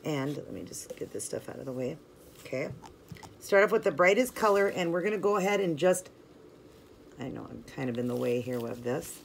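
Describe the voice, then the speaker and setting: A woman with a notably low voice walks through a nail art tutorial in a relaxed, chatty way. She fills her talk with "like" and "you know" while working with her hands. A faint hiss of noise sits under the voice. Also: vocal fry. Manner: chatty and friendly, filler-heavy ("like", "you know"). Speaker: nail art channel host. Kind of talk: casual step-by-step tutorial narration.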